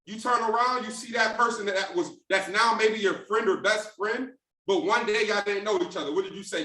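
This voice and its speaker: A man's voice: sits high, a little fast, pushed and bright. A man coaching a sales team on a group call, talking in street slang and acting out conversations in different voices. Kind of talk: motivational training talk on a group call. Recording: roomy and distant from the mic.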